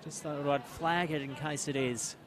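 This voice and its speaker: A man with an Australian accent calling live football play-by-play, quick and rising to shouts at big plays. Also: fairly high pitch, steady tone, crowd noise. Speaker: play-by-play commentator. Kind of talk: live sports commentary.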